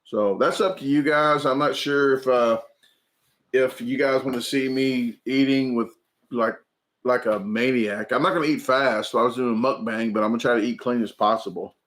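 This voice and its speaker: A man in his forties hosts a casual home livestream and answers viewer comments. His voice sits at a middle pitch, and he talks haltingly, filling pauses with ums and uhs and restarting his sentences often. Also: fairly even intonation, a bit bright. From United States. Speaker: food channel livestream host.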